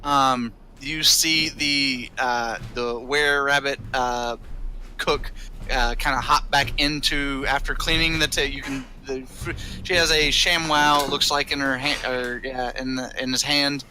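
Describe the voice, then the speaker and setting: Male game master, rambling narrator, very bright tone, faint noise. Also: medium pitch, fairly even intonation, unhurried, rough recording. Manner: rambling, many restarts and fillers.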